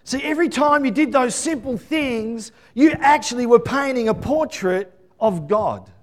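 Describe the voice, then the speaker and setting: A middle-aged man preaching a Mother's Day sermon, dropping to quiet asides and then building to loud emphatic shouts. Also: very high-pitched, lively intonation, unhurried. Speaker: pastor.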